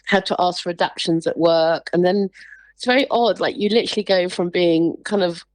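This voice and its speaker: Lively woman telling stories, dry studio sound. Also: fairly low pitch, a little fast, dry recording, rough recording. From England. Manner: lively storyteller, acts out quoted voices, laughs often. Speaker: interview guest, writer. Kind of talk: radio interview, personal anecdotes.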